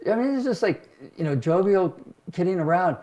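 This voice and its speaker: A mellow, warm-toned older man speaking as a pastor and host. His pitch sits a little high for a man. He tells stories in a reflective, self-deprecating way and brightens when acting out what others said. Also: lively intonation, brisk, dull audio. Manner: reflective, self-deprecating, acts out quotes in livelier tones. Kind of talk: casual conversational storytelling.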